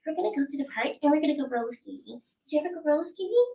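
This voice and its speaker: A woman voicing an excited, chatty little boy who talks in bubbly, breathless bursts. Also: high-pitched, very fast, gravelly, voice pushed up. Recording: echoey room, mic at a distance.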